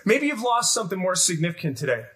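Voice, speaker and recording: A middle-aged pastor preaching a sermon, telling a story with energy and putting questions to the congregation. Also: male voice, high-pitched, fast talker. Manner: animated storytelling, shouts when acting out scenes, asks the crowd questions. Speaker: guest pastor.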